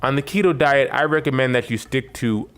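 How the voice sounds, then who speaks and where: A man's voice: mid-range voice, brisk, a bit bright. A man from New York narrating a cooking tutorial with wry, joking asides. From New York, United States. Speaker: cooking channel host.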